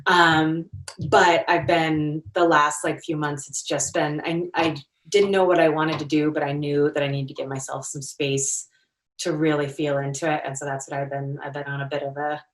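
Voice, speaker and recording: Low-voiced woman, chatty, distant and roomy. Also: flat delivery, normal speed. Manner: chatty, lots of "like" and "um". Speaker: podcast guest, entrepreneur. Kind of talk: casual interview chat. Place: home.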